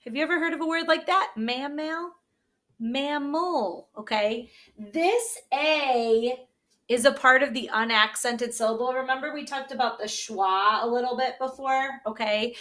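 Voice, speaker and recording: Bright, kinda high-voiced lady teacher doing a slow reading lesson for little kids, sounds words out, lots of "okay?". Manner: patient, checks in with frequent "okay?"; sounds out words slowly syllable by syllable. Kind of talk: reading lesson for young children.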